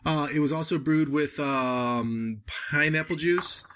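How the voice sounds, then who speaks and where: A man hosting a casual podcast, rambling and halting with fillers while fighting a cold. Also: a little high, noisy background. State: has a cold. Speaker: podcast host reviewing beer. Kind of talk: casual chat.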